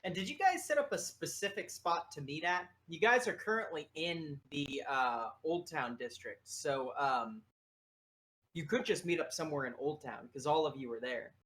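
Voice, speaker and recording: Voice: mid-range voice, lively intonation, normal speed, fairly bright tone. A game master narrating a casual tabletop game, laughing often and filling gaps with ums. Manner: laughing, filler-heavy narration.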